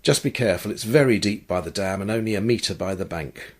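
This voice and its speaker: A man's voice: on the low side, brisk, close to an everyday voice. A man voicing an easygoing, hospitable man who offers drinks and help in an offhand way. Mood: friendly.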